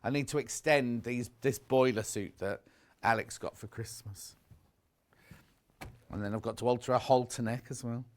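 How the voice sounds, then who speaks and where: A man's voice: mid-range voice, steady tone, moderate pace, long pauses. A man presenting fabrics on a live shopping channel, chatty and gushing, stopping often to correct himself. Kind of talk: live TV sales pitch.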